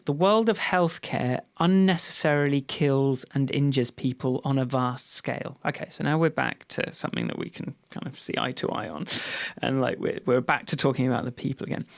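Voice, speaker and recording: A man's voice: on the high side, brisk, gravelly, few pauses. A man co-hosting a podcast, talking in a hesitant, musing way. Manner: musing, hesitant, reads passages aloud. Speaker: podcast co-host. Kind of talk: casual podcast chat.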